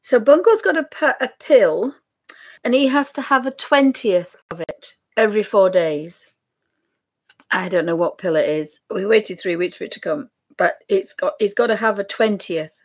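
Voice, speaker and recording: A woman's voice: medium pitch, moderate pace, slightly rough. Rambling, chatty Yorkshire woman. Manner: rambling, chatty, wandering off mid-sentence. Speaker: craft vlogger. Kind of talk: casual chat to camera.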